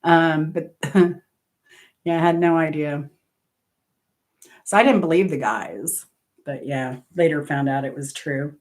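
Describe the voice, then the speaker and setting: The host of a music trivia channel, a woman with a low-pitched voice, speaks a little slowly and pauses often. In casual chat, she wanders through travel anecdotes, laughing and correcting herself along the way.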